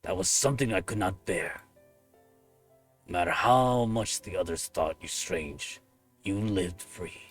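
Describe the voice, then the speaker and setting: A man voicing a loyal, solemn warrior monk with a gravelly voice, reading game dialogue in formal, deliberate speech. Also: deep voice, faint music behind.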